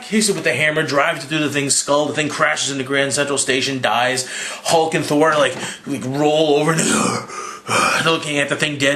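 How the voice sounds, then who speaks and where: Tipsy profane young guy recapping a movie. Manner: profane, excitable, acts out quotes in a higher voice. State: slightly drunk. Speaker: movie reviewer. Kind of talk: casual rambling movie recap.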